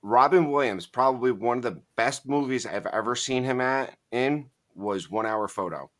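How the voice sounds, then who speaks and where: A man's voice: medium pitch, normal speed. A man chatting casually about movies, telling stories with emphasis.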